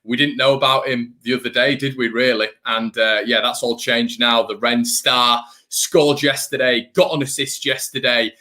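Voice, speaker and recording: A man's voice: mid-range voice, steady tone, normal speed, few pauses, pushed and bright. A young man hosting a fan channel live stream, chatting casually and rambling, greeting viewers by name.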